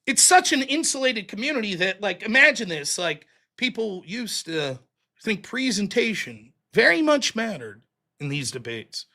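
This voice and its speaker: A man hosting a livestream, telling stories in an animated, profane way. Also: high-pitched, moderate pace. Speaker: livestream host. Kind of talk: casual livestream commentary.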